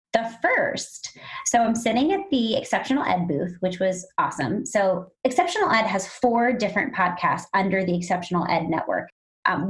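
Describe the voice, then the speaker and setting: A woman co-hosting a podcast, chatting casually and telling lively stories with acted-out quotes. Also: rough recording. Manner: animated storyteller, acts out quotes in a high excited voice. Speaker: podcast co-host.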